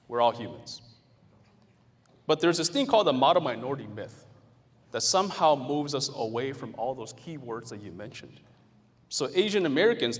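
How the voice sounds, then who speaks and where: A man giving a lively talk to a live audience, playful and asking the room questions. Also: medium pitch. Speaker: guest speaker. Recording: long reverb of a large hall.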